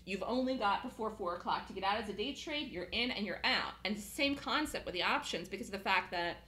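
A woman's voice: mid-range voice, lively intonation, quick pace, sharp tone, echoey room, slight background noise. A woman coaching a trading student in a live lesson, emphatic and repeating her points.

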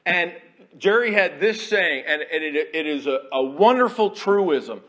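Chaplain, male, bright forceful tone, folksy storytelling sermon with big dynamic swings. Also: on the high side, animated, a little slow. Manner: folksy, swings from quiet asides to loud declarations. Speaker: Army chaplain guest preacher. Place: church sanctuary.

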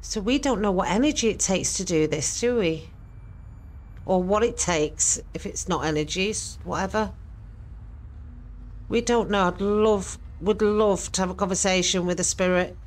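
A woman's voice: mid-range voice, normal speed. A woman reacting to a ghost hunt video, jittery, exclaiming and swearing, rambling when nervous.

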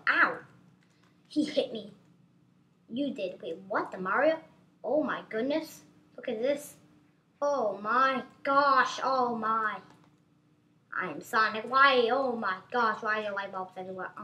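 Woman, gameplay commentary, fairly high voice, very lively pitch, excitable, chatty. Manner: excitable, constantly exclaiming. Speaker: gaming channel host.

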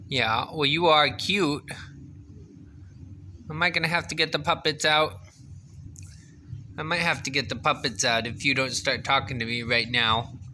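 Bright-voiced father coaxing his baby. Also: medium pitch, slight background noise. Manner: gently coaxing, sing-song questions. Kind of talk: casual home video talking to a baby.

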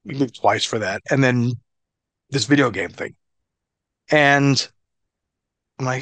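A man's voice: medium pitch, takes it slowly, pauses often, no echo. Profane middle-aged man telling stories. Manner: profane, laughing, animated storyteller. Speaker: interview guest, former wrestler. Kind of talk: casual storytelling.

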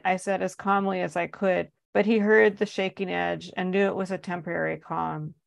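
A woman with a lowish voice and a gravelly, fry-edged texture reads from her memoir. She delivers it earnestly and with strong emotion. The sound is close and dry. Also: flat delivery, normal speed, few pauses, no room sound. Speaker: author reading her own work. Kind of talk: reading a memoir aloud.

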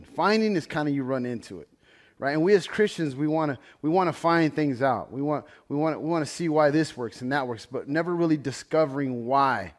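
A young man teaching a Bible study in a casual, conversational way, explaining scripture with everyday examples and asides. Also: fairly high pitch. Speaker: pastor.

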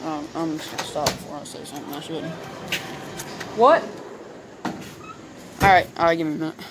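A man's voice: fairly high pitch, lively intonation, normal speed. Rambling young guy vlogging, noisy recording. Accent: light Southern US. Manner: rambling, lots of "like" fillers. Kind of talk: casual vlog chat. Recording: noisy home video.

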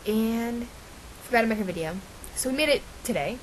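A young woman vlogging with her twin, talking off the cuff and correcting herself mid-sentence. Her voice sits a bit high, and the recording carries a faint hiss. She keeps it loose and giggly. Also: animated, normal speed, poor audio. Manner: rambling, self-correcting, giggly. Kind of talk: casual chat to camera.

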